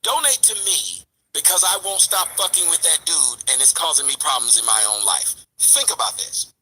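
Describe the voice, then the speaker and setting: A man's voice: on the high side, expressive, moderate pace, bright, forceful tone, slight background noise, low-quality recording. A man ranting to his viewers in a heated, profane, mocking way, speaking straight to the audience. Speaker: commentary vlogger. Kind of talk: ranting commentary.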